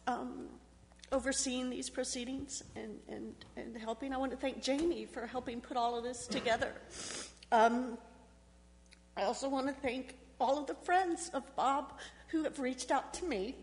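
A middle-aged woman speaks at a memorial in a church, her voice a bit high and pulled tight by emotion as she fights back tears. She talks haltingly, with ums and restarts. The sound carries a long echo from a big hall. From Texas. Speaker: family member giving a eulogy. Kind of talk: memorial speech.

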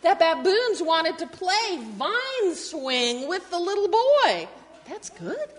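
A woman teacher reading a picture book aloud to children in a classroom. She tells the story in an animated way and acts out the sound effects. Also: very high-pitched, slow pace, in a large hall.

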